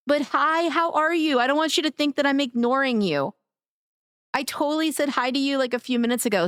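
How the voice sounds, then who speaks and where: A woman streamer chatting casually with her live chat, greeting viewers by name in an affectionate way, her voice a little raspy. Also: high-pitched, fairly bright tone, dry recording, clean studio sound. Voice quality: somewhat raspy today.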